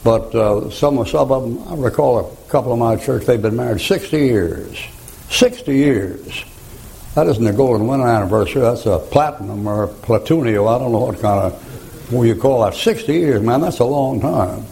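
Older male preacher, gravelly and mellow, folksy storyteller who chuckles and rises to fervent rhymes. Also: mid-range voice, moderate pace, low-quality recording. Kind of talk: folksy sermon with anecdotes.

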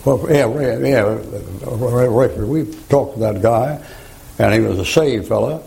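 A man's voice: mid-range voice, a little slow, vocal fry, warm tone, poor audio. A man, preaching a folksy, joking sermon and laughing at his own stories.

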